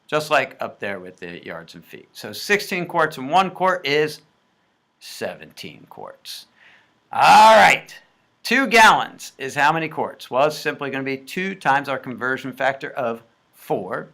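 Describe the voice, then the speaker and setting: A man's voice: medium pitch, sing-song, measured pace, vocal fry, bright, forceful tone. A man walking through math homework problems step by step, joking as he goes. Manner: jokey, talks through math steps aloud. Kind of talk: playful homework walkthrough.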